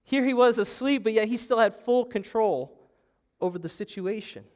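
A man's voice: high voice, moderate pace, a little mellow. A young adult man preaching a sermon as pastor, telling the story with animation and acting out panicked voices. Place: church sanctuary.

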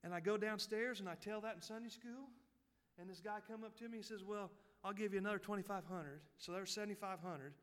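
A man preaching a sermon, telling a folksy story, dropping to quiet asides and rising to loud, fervent peaks. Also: sits high, quick pace, long reverb tail. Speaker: pastor.

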